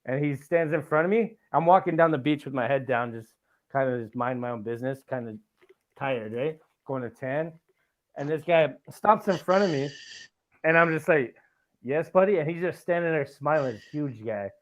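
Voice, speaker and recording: A man's voice: medium pitch, moderate pace. A man hosting a casual podcast. He rambles, fills his talk with "like" and laughs often. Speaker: podcast host.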